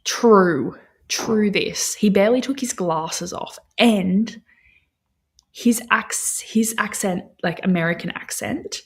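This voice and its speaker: A woman's voice: medium pitch, slow, breathy edge. A young woman hosting a livestream from home, chatting casually with viewers in a rambling way with lots of fillers. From Australia. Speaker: livestream host.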